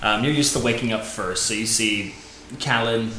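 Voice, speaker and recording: A man with a lowish voice runs a tabletop role-playing session, narrating in loose, halting sentences full of fillers. The recording sounds echoey, with background noise throughout. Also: pushed and bright. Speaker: game master.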